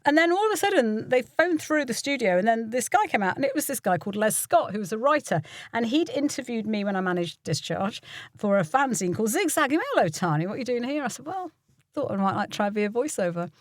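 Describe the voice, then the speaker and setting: An older UK woman who is a voiceover artist and coach tells stories casually in an interview, acting out the people she quotes and laughing often. Her voice sits on the high side, animated and fast. The studio sound is clean, with no echo.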